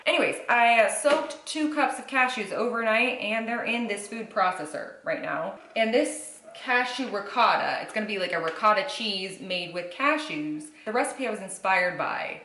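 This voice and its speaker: A young woman talks straight to her camera in a casual vlog, filling her story with "like" and acting out what everyone said. Her voice sits at an ordinary pitch for a woman. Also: moderate pace, few pauses, slight background noise. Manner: animated, acts out quoted voices, frequent "like". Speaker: vlogger.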